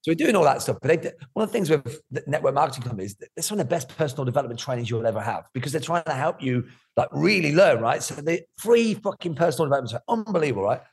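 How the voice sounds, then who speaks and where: A middle-aged man, talking candidly about his life in an interview, animated and swearing freely. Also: on the high side, fast, creaky, husky. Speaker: guest.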